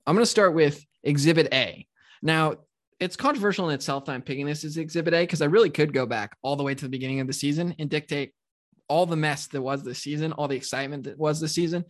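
Man, podcast co-host, animated ranting storyteller, casual chat. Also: a little high.

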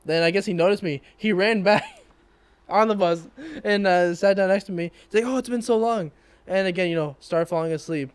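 A young man casually telling a story to friends, animated and laughing as he acts out what people said. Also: high-pitched, brisk, smooth.

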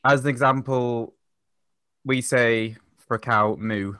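Bright-voiced man, dry close sound. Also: mid-range voice, fairly even intonation, takes it slowly, clear, resonant tone, no echo. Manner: explains patiently with many ums. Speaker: podcast guest. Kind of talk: casual chat, storytelling.

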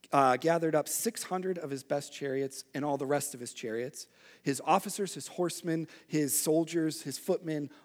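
Young male pastor, slightly high voice, conversational sermon with big animated swings. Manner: conversational, animated with acted-out outbursts.

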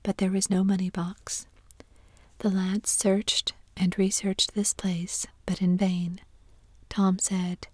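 A woman reading a story aloud in a steady, soft whisper, a whispered role-play recorded close to the microphone. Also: lowish voice, slow pace, no echo.

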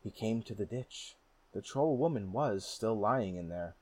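A man with a low, slightly husky voice reads a folk tale aloud. His pace is steady and measured, with the calm of a storybook narrator. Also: dry recording. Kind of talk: storybook reading.

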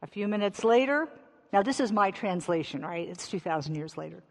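A woman's voice: mid-range voice, expressive, fairly quick, big-room sound. A woman pastor giving a chatty sermon with rhetorical questions in a church sanctuary.

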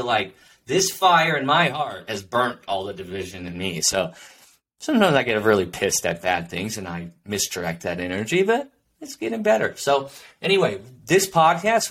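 A man's voice: mid-range voice, big pitch swings, moderate pace, a bit bright. A man hosting a solo podcast episode, talking in an earnest, rambling, reflective way with many fillers. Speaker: podcast host.

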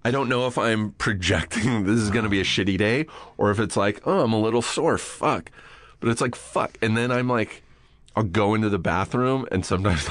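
Low-voiced man telling profane stories. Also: a bit bright, no room sound, clean studio sound. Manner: profane, self-mocking storytelling; acts out his own muttering in a higher voice. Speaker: podcast host. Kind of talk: casual chat.

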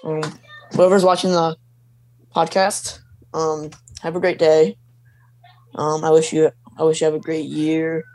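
A man guesting on a casual podcast, talking haltingly with frequent "um"s. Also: a little high, completely flat delivery, darkish tone. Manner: hesitant, halting with "um".

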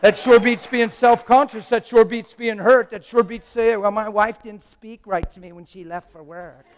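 A middle-aged man preaching with wild swings from excited shouting to hushed, intimate talk, breaking into playful laughing asides. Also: high voice, moderate pace, in a large hall. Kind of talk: animated sermon.

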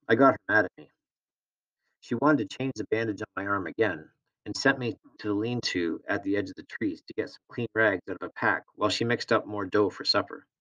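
Lower-voiced man reading a novel. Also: fairly bright tone, lo-fi sound. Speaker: reader.

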